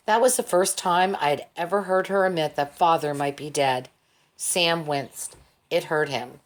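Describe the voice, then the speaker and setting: A woman reads a novel aloud in a calm, steady way. Her voice sits a little low and stays even. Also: a little slow. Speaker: audiobook reader. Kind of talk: audiobook narration.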